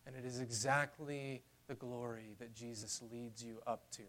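A man preaching a sermon in a conversational style, dropping to a hushed, tender voice for key lines. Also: mid-range voice, flat delivery, normal speed, slight background noise. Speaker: pastor.

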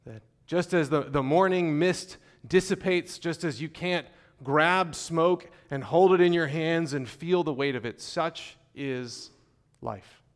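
A male pastor preaching a sermon in a measured, conversational way, with fillers and restarts, slowing to stress key phrases. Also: on the high side. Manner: slows and stresses key phrases when reading scripture.

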